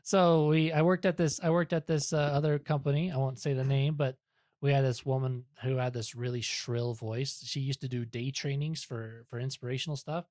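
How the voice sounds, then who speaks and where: A man's voice: medium pitch, steady tone, moderate pace, darkish tone, no room sound, clean studio sound. A young man talking as a podcast guest in casual chat, rambling and self-deprecating, with many restarts.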